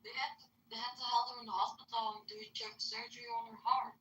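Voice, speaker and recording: A woman with a thick non-native European accent on a casual phone call, blunt and quick to exclaim. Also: a little high, a little hiss or hum. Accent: non-native English, European. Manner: excitable, blunt, exclaims often. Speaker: caller. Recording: echoey distant phone audio.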